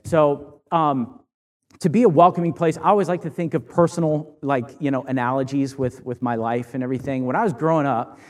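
A man's voice: mid-range voice, fairly quick, a little mellow. Man preaching a casual storytelling sermon. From Northern Virginia. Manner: casual, storytelling, many fillers and restarts. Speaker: pastor.

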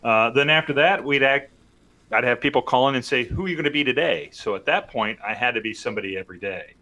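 A radio DJ with a bright, clear tone. He talks in an easy, wry way while looking back on old times with a colleague. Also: medium pitch, quick pace. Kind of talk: casual reminiscing chat.

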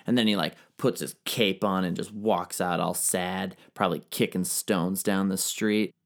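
A man's voice: low-pitched, fairly even intonation, a little slow, creaky. A young man retelling ancient history as a comedy, slangy and profane. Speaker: narrator.

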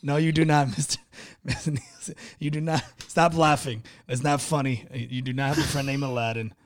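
A man's voice: medium pitch, steady tone, fairly quick, no room sound, clean studio sound, lightly acted. A man voicing an exasperated film director in a comedy sketch, pleading and laughing through his lines. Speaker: podcast co-host.

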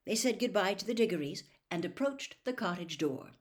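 A woman narrating a book aloud in a steady, even storytelling voice. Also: medium pitch, a little fast. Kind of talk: audiobook reading aloud.

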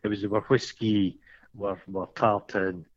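A man with a northeast Scottish accent, hosting a podcast and telling stories in a casual, animated way, swearing and laughing often. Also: on the low side, slow. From Scotland. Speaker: podcast host. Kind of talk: casual chat. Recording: slightly dull lo-fi sound.

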